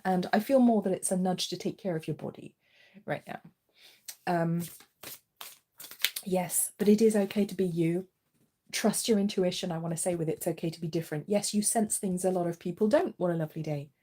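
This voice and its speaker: A woman reading tarot cards on a livestream, soft-spoken and giggly, her voice worn as she loses it. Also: fairly low pitch, fairly quick. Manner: soft-spoken, giggly, often drops to a murmur. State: losing her voice. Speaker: tarot reader.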